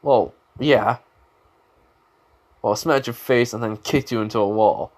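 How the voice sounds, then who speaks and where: A man's voice: medium pitch, a little slow, darkish tone, close to an everyday voice. A man doing a smug young villain boy. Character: cocky young male villain hero-student, smug and menacing.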